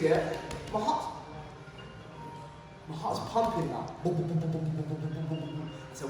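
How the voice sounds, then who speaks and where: Animated London man telling stories in a hall. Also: fairly high pitch, moderate pace. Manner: animated, repetitive, sound effects, slang. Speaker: motivational speaker at youth event. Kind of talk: storytelling talk to youth. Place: large hall at youth event. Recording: echoey hall, distant mic, background noise.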